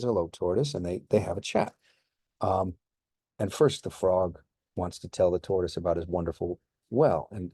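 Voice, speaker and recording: A man recording a relaxed course introduction as a history professor, with many fillers and restarts. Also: low voice, no room sound, studio quality.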